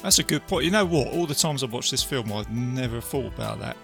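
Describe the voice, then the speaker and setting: A man talks through a film in casual chat, his voice gravelly and bright, with a habit of tacking on tag questions. Faint music sits under the conversation. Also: mid-range voice, animated, a little fast. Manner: tag questions, chatty and laughing.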